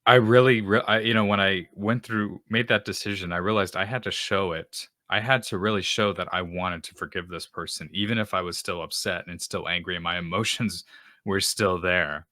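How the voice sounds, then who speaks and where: A man's voice: deep voice, steady tone, moderate pace, pushed and bright, no room sound, clean studio sound. A man hosting a Christian podcast, talking earnestly and casually about forgiveness, often restarting his sentences. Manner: earnest and conversational, with frequent restarts. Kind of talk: casual faith talk.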